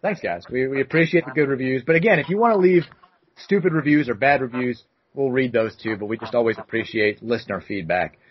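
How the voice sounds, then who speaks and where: A podcast host in his thirties tells rambling stories in a loose, casual chat. His mid-range male voice is husky and brisk. The recording sounds muffled.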